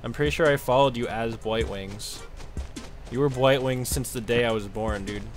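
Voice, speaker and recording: A young man giving casual, profane commentary while streaming a game, with frequent loud outbursts. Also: mid-range voice, moderate pace, soft background music. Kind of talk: casual live gameplay commentary.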